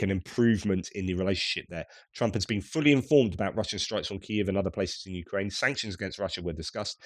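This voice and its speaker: A man's voice: deep voice, dry recording, clean studio sound. A middle-aged man from the United Kingdom giving casual news commentary in a conversational way, with wry asides.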